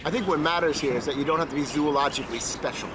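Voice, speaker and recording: A man's voice: a little high, rapid-fire, noisy background. A man who runs an animal rescue centre, speaking firmly and on principle in an interview. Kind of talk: interview to camera.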